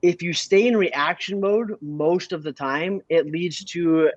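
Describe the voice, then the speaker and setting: A Canadian business coach talks energetically in a casual interview, making many restarts and tagging his points with a rhetorical "right?". His voice is fairly high and unhurried, with no echo, though the highs are cut off.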